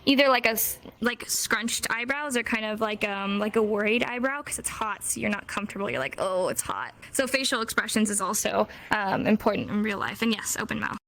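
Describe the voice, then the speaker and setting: A woman teaching a sign language class in a relaxed, teasing way, slowing down to model each phrase. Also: mid-range voice, rough recording. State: hot and sweaty. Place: warm room, virtual reality class.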